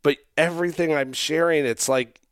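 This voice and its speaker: A man hosting a podcast in a casual chat, talking in a relaxed, rambling way with plenty of fillers. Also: a little high, moderate pace, no echo, clean studio sound. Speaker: podcast host.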